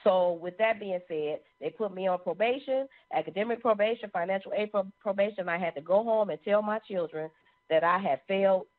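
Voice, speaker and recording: A woman sharing a personal testimony in an animated storytelling manner. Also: mid-range voice, a little fast. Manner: animated, acts out quoted voices. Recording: phone-like narrow sound.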